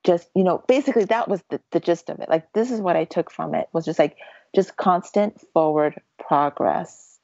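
A woman with a fairly low voice rambles through a casual story, restarting sentences and piling on fillers. The sound is dry and slightly muffled. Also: moderate pace, vocal fry, dry recording. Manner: rambling, animated retelling with many fillers and restarts.

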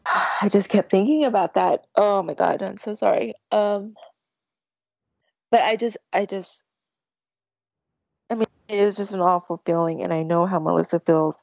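A woman telling a long personal story about a race as a guest, talking in halting bursts with many restarts and becoming tearful at times. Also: mid-range voice, fairly even intonation, vocal fry, darkish tone, no room sound. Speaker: ultramarathon runner guest. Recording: dry, dull lo-fi audio.

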